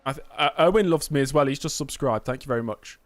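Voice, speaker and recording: A man's voice: medium pitch, quick pace. A man livestreaming a racing game, bantering with chat in a mock press conference and calling viewers mate. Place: indoor streaming setup with green screen.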